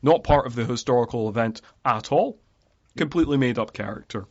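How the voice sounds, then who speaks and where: A man's voice: mid-range voice, a little fast, no echo, muffled recording. A man co-hosting a podcast, chatting casually about a film and sharing research facts. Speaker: podcast co-host.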